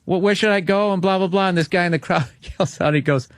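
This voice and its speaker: A man with a fairly high voice tells rambling, profane stories as a comedy guest on talk radio. The studio sound is dry and close. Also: fast, no room sound. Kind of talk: casual anecdote on talk radio.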